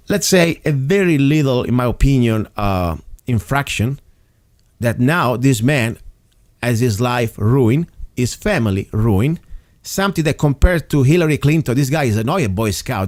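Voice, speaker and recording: A man hosting an interview show, speaking earnestly and haltingly, with frequent restarts and fillers. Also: medium pitch, animated, darkish tone, no echo, clean studio sound. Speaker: interview host. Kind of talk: opinionated talk show monologue.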